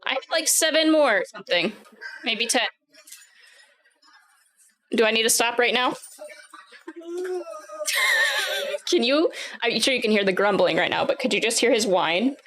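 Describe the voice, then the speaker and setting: A woman in her thirties chatting casually on a live stream as she works, often turning to coo at her dogs in a higher, sing-song voice. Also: animated, unhurried, long pauses, a bit bright. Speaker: livestreamer building a keyboard.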